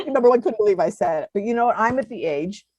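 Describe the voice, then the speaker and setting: A woman in her seventies speaks as a podcast guest, spinning stories in a chatty, easy way and laughing often. Her voice sits warm and mellow, recorded dry and close. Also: fairly high pitch, very animated, moderate pace, husky, dry recording. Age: 70s. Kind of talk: casual interview chat.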